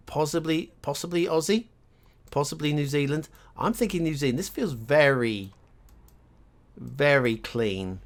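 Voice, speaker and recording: A man thinking aloud as he plays a geography guessing game, musing and hesitant, talking half to himself with clicks and typing behind him. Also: on the high side. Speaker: game streamer. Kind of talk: thinking aloud while playing.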